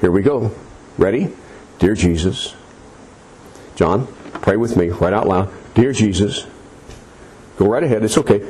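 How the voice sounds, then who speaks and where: A man's voice: on the low side, unhurried, long pauses, darkish tone. A man preaching, leading a listener through a prayer in an earnest, coaxing, repetitive way. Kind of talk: soul-winning demonstration.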